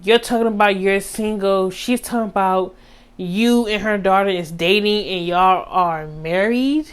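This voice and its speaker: A young woman vlogger telling a story in a casual, animated way. She talks straight to her viewers in slang, and her voice jumps high for drama. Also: unhurried, clean tone. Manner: animated, dramatic retelling with sudden high squeaks.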